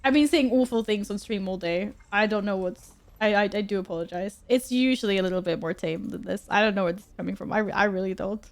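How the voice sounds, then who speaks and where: A young woman chatting casually on a game stream, joking and rambling with quick self-corrections. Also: medium pitch. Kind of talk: casual live-stream chat while gaming.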